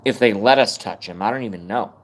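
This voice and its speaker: Talking fast in a low-leaning voice, a middle-aged man on a livestream rambles, swears and rants casually with his viewers.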